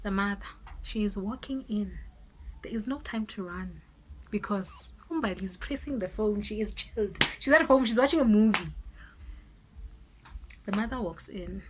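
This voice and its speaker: A South African woman in her twenties telling an animated storytime vlog, switching languages and breaking into loud exclamations. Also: mid-range voice, normal speed, noisy background. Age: 20s. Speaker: vlogger.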